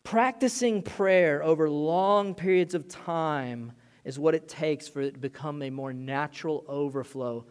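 Lively preaching man in an echoing hall. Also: a little high, unhurried, clear, resonant tone. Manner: animated storytelling with swings from loud to hushed. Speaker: pastor. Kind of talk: sermon. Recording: long hall reverb.

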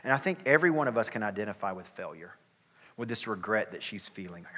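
A man's voice: fairly low pitch, animated, fast talker, a bit bright, breathy edge, long reverb tail. A male pastor giving a sermon in an earnest, conversational way, with casual filler words.

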